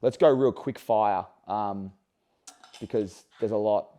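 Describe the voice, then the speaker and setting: A man's voice: fairly low pitch, takes it slowly, warm tone. An Australian man hosting a casual interview, chatting in long rambling questions and friendly banter. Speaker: podcast host, former footballer.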